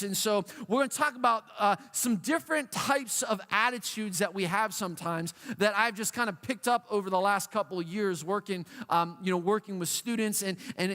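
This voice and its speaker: A man preaching to a youth group, animated and playful, acting out a whining dog and other whiny voices. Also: high-pitched. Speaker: youth pastor. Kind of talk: youth sermon. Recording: long hall reverb.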